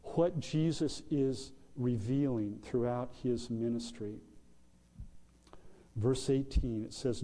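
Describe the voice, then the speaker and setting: A man preaching a sermon as pastor, slow and deliberate, with emphatic pauses. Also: medium pitch, mellow. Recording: long hall reverb.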